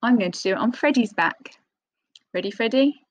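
A woman teaching young children a phonics lesson, speaking in an expressive sing-song teacher voice with little gasps of excitement. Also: fairly high pitch, normal speed, rough recording. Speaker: primary school teacher.

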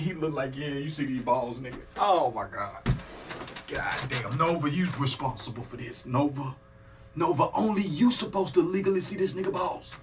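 A man hosting a music reaction video, joking loudly and talking straight to his viewers in a casual, profane way. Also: on the high side, normal speed, slightly rough. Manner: animated, joking, profane, talks to his audience.

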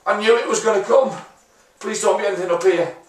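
A young man commentating a game pack opening, excitable and sweary, yelling and groaning at each result. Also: high-pitched, brisk, distant mic. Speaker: gaming YouTuber. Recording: roomy echo, voice a bit off-mic, faint music.

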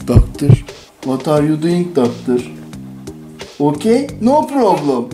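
Slow-talking woman fussing in broken english, roomy echo, loud music behind. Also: deep voice, big pitch swings. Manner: fussy and exclaiming, simple broken English. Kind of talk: simple English kids' play vlog. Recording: echoey room with loud music.

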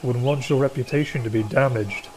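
A man's voice: mid-range voice, a little fast, darkish tone, slight background noise, close to an everyday voice. A man doing a pompous, stammering big engine. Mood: flustered. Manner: stammering, flustered and grandly formal. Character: pompous big male express steam engine.

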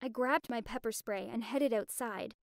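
A young woman narrating a scripted animated story with expressive, dramatic delivery. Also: a little high, moderate pace, vocal fry, no room sound, studio quality.

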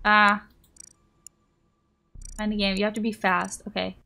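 A woman live streaming as she plays a game, chatting casually with viewers, excitable and giggly, squealing when startled. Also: mid-range voice, measured pace, creaky, slight background noise.

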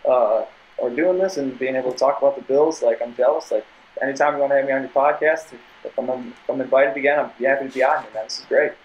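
A man's voice: mid-range voice, steady tone, quick pace, lo-fi sound. A young man, a podcast guest, telling a long casual story with many tangents and restarts. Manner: rambling, tangents, repeated restarts.

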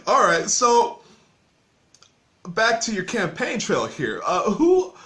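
A man hosting an interview, asking his questions in a halting, eager way. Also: sits high, fairly bright tone. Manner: halting, with fillers and restarts, eager. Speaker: host.

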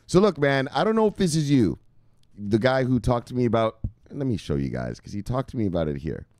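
A man hosting a casual crypto video, reading out viewer comments in a rowdy, foul-mouthed way, with shouted catchphrases between muttered asides. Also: mid-range voice, big pitch swings, brisk, no room sound, clean studio sound.

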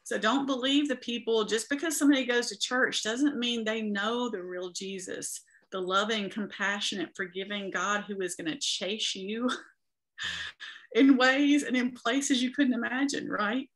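A woman's voice: on the high side, expressive, a little slow, fairly bright tone. A woman guest in an interview, sharing her faith story in an earnest, preaching manner.

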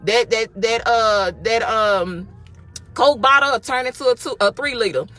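A woman hosting a casual devotional talk, speaking with excitement and emphatic repetition. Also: on the high side, moderate pace. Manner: excited, emphatic, with repeated phrases.

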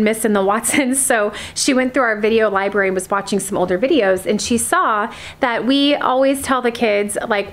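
Chatty woman vlogging at home. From Alaska. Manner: chatty and warm, talks to her cat in a high coo. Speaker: homestead vlogger. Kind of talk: casual vlog chat to viewers. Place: at home indoors.

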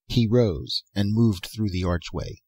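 A man narrates a story aloud in a measured, steady manner, his voice lowish and a little husky. The recording is dry and close, with no room sound. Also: no echo. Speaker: audiobook narrator. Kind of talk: scripted narration.

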